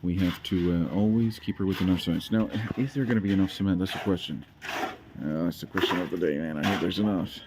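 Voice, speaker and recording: A man's voice: low-pitched, a little fast, hardly any pauses, very noisy. A man chatting casually as a vlogger, rambling and hesitant, with many fillers and repeated words.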